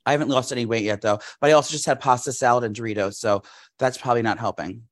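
A man's voice: mid-range voice, fast talker. A man in his thirties co-hosting a podcast, telling long rambling stories in casual chat with lots of fillers. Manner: rambling, animated storytelling with many fillers. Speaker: podcast co-host.

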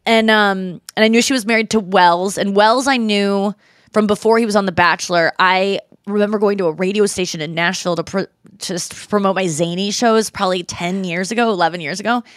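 A woman in her forties, a podcast host telling a story in casual chat, animated and slipping into quoted voices. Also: medium pitch, a little fast, no room sound, clean studio sound.

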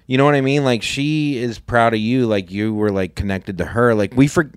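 A man's voice: mid-range voice, moderate pace, clear, resonant tone, dry recording. Man, podcast co-host, easygoing chat, dry close sound. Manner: laid-back, many "like" fillers. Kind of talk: casual chat.

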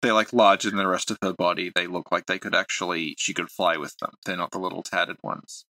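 A man's voice: deep voice, steady tone, fast, pushed and bright, no echo. A man co-hosting a casual podcast about game lore, talking in a hesitant way with lots of fillers and restarts. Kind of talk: casual chat.

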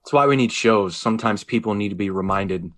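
A man co-hosting a podcast in relaxed casual chat, agreeable and laughing along. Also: lowish voice, fairly quick. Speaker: podcast co-host.

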